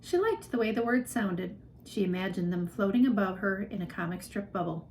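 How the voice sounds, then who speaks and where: Expressive woman reading a children's novel. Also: mid-range voice, brisk, slight background noise, poor audio. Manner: expressive storytelling. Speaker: reader. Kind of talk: audiobook narration for children.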